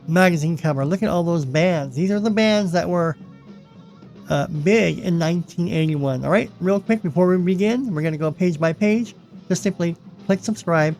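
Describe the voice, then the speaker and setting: Male vlog host, casual and rambling, gravelly tone, soft music bed under him. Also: on the high side. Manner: chatty, rambling, repeats himself. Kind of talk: casual magazine flip-through.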